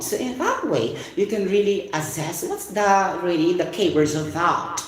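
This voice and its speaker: A middle-aged man with a Filipino accent, giving an informal science lecture online. He talks in an animated, chatty way and keeps saying "you know" and "okay". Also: sits high, measured pace, crowd noise. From Philippines. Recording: very echoey room.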